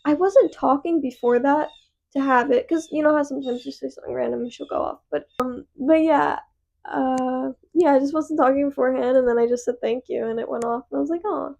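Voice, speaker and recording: A woman's voice: sits high, steady tone, brisk, creaky, a little mellow. A young woman co-hosting a podcast, telling stories in a chatty way full of "like" fillers. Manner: chatty storytelling with many "like" fillers. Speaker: podcast co-host. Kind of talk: casual chat.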